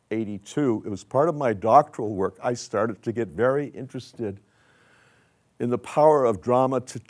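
Older male conference speaker, relaxed chatty lecture style, middle pitch. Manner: conversational, asks audience questions. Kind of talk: lecture with slides.

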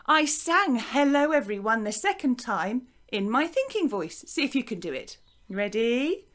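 Bright, lively woman teaching little ones. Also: a little high, moderate pace. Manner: lively, encouraging, sing-song teacher voice. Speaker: primary school teacher. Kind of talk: recorded music lesson for young children.

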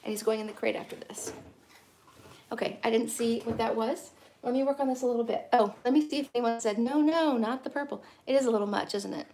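A woman's voice: on the high side, fairly even intonation, fast, dark tone, a little hiss or hum. A middle-aged woman, chatting casually and rambling to live-stream viewers while teaching painting.

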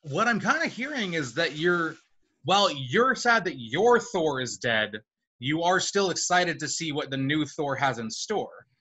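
Man, slightly high bright voice, sarcastic swearing debater. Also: big pitch swings, measured pace, husky. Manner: sarcastic, swears, mimics characters. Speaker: debater defending a film. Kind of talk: casual debate.

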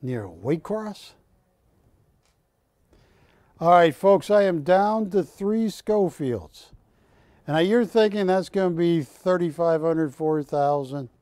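A man's voice: a little high, animated, slow, long pauses, darkish tone, no echo. A man hosting a live shopping channel, joking with the crew and counting prices down. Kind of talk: live TV sales pitch and banter.

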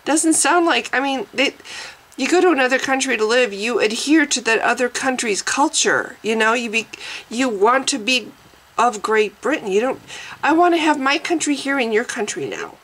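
A woman's voice: fairly high pitch, lively intonation, moderate pace, fairly bright tone, low-quality recording. A woman vlogger giving an angry reaction rant, indignant and swearing, often stopping and restarting her sentences.

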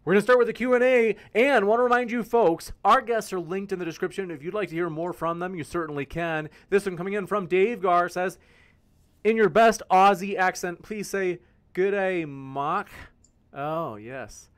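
Upbeat moderator guy, kinda higher voice, reads out chat questions. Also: moderate pace. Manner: upbeat, reading audience questions. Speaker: debate moderator. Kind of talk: moderating a live-streamed debate.

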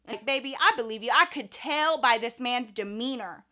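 A woman vlogger telling a personal story in an animated, slangy way. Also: sits high, moderate pace, few pauses. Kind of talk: story time vlog.

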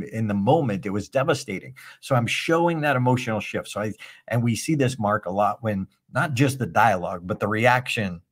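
Low-voiced male podcast host. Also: lively intonation, normal speed. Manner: reflective storytelling, explanatory. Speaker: podcast host, speaking coach. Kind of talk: live podcast discussion.

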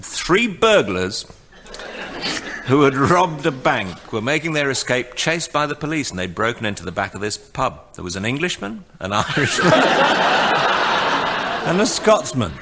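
Animated man, slow and mock-dramatic. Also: medium pitch, a little hiss or hum. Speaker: comedy panellist. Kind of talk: comic storytelling and sung madrigal. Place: radio studio before a live audience. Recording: piano accompaniment behind.

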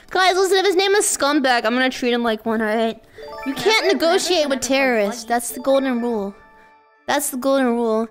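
A woman streamer with a high voice talks to her chat in a loud, playfully dramatic way. She hypes up her stunts and jokes around. Faint music plays underneath. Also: normal speed. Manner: playfully over-the-top, yelling and laughing. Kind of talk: hyped livestream chat.

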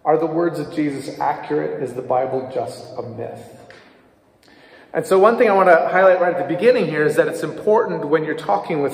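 A man giving a conversational church teaching talk, posing questions to his audience. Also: on the high side. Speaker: speaker at a church teaching evening. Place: church hall. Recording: echoey hall with long reverb.

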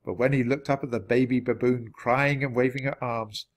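A man narrating a children's audiobook in an expressive reading voice. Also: normal speed. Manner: expressive, varied pitch. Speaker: audiobook reader.

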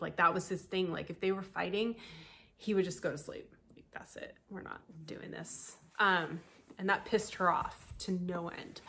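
A woman's voice: lowish voice, vocal fry. A woman hosting a podcast, telling a true-crime story in a casual, chatty way with lots of asides. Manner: chatty, animated, full of asides and laughter. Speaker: podcast host.

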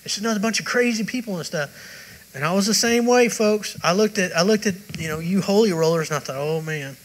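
Male preacher, high voice, rambling testimony, sermon at a church service. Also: fairly quick, low-quality recording. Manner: rambling, conversational storytelling with many restarts.

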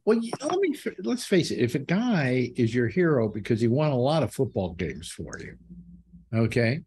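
Guy hosting a loose group chat, jokey, pitch all over the place. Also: moderate pace, a little hiss or hum. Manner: teasing, animated storyteller. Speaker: host. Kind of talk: casual group chat on a call.

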